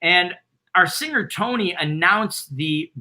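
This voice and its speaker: A middle-aged man, a band founder, excitedly rambling through road anecdotes as a guest in a casual interview. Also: high voice, takes it slowly, noisy background. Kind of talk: casual storytelling.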